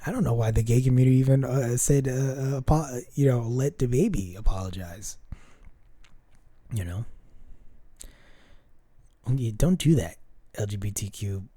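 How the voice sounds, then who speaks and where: Very dark-voiced ranting man. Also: mid-range voice, moderate pace, long pauses, no echo. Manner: opinionated, ranting, frequent restarts and swearing. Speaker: podcast host. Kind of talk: casual solo commentary.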